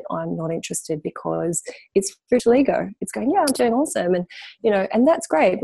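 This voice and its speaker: A woman's voice: lowish voice, creaky, dark tone, slightly rough. A woman, a spiritual coach, talking passionately in a candid interview and repeating phrases for emphasis.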